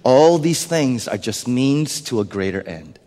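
A male pastor preaching a sermon to his congregation. He swings between loud emphatic lines and hushed, whispered asides. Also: mid-range voice, lively intonation, a little slow. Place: church sanctuary. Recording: long hall reverb.

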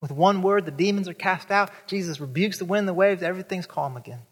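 A man preaching a sermon as pastor, animated, acting out the voices in the story with big jumps in pitch. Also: fairly quick, in a large hall.

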